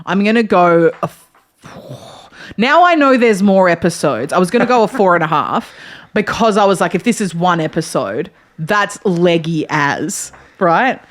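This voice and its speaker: A woman's voice: on the low side, expressive, a little slow. A woman co-hosting a casual podcast chat, emphatic and slangy. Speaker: podcast co-host.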